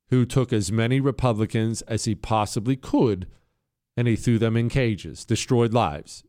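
A man's voice: medium pitch, darkish tone, smooth. A man hosting a talk radio show, delivering an opinionated monologue in a combative, sarcastic way.

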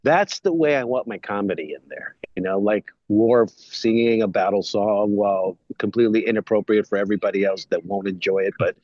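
A man's voice: fairly low pitch, a little fast, few pauses, dry recording, highs cut off. A man co-hosting a casual chat show, enthusiastic and laughing a lot. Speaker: podcast co-host.

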